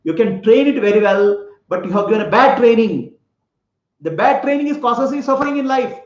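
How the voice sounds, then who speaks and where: Extremely high-pitched and brisk, with lively intonation, a spiritual teacher delivers a talk featuring a parable, questions for his audience and frequent laughter. The recording is lo-fi and slightly dull, in an echoey room.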